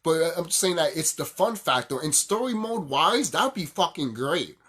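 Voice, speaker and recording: A man's voice: a little high, sing-song, moderate pace, a bit bright, breathy edge. A young man ranting casually about video games, heated and profane, laughing often and repeating his points.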